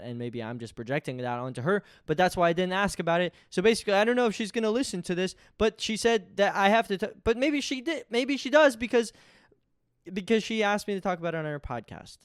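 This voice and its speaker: A man's voice: high voice, animated, fairly quick, clean tone, no echo, studio quality. Rambling young man hosting a podcast. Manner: rambling and tangential, often restarting sentences; wry, self-deprecating. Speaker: podcast host. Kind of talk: casual solo podcast monologue.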